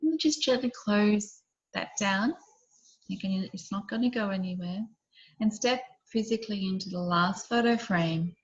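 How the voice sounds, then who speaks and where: A woman leading an online group session, guiding listeners through a visualization with gentle questions that often drop soft and quiet. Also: medium pitch, moderate pace, highs cut off. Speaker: program facilitator.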